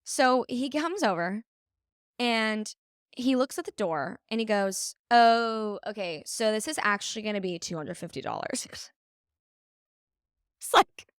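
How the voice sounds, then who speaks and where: A woman's voice: mid-range voice, unhurried, smooth, no room sound, studio quality. A woman in her twenties co-hosting a podcast, telling a story with lots of acted-out quotes and laughter. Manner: animated storyteller, acts out quotes, laughs often. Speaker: podcast co-host. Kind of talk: casual chat, storytelling.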